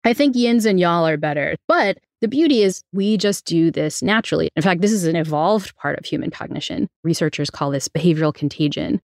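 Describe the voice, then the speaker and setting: A woman psychologist hosting a podcast, telling stories in a casual, animated way and playfully mimicking voices. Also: on the low side, brisk, hardly any pauses, dry recording, clean studio sound. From New Bedford, Massachusetts.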